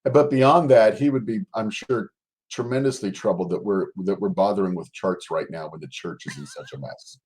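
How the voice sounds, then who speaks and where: A male scholar explains his subject in an interview with a fairly low voice. He speaks in a halting, thinking-aloud way, often breaking off and restarting a sentence before carrying his point through. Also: a little mellow. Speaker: guest scholar. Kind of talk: conversational explanation.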